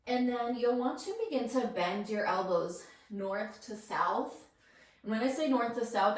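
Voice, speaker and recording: Yoga teacher cueing breaths in a roomy space. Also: female voice, medium pitch. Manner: encouraging, cueing each breath and pose. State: a little out of breath. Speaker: yoga instructor. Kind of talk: guided yoga class cues. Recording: roomy echo, voice from a distance.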